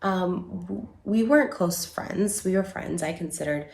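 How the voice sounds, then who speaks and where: A woman giving an emotional personal statement to camera, halting with many fillers and restarts. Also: lowish voice, creaky, darkish tone, roomy sound. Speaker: online creator giving a statement.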